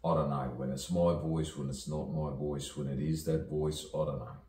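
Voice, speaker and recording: A man with a very deep, low voice delivers a rambling spoken-word monologue, musing to himself and slipping into put-on voices and whispers. He sounds set back from the mic in an echoey room with faint ambience behind him. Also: little pitch movement, moderate pace, hardly any pauses, a little mellow, far from the mic. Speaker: poet and playwright.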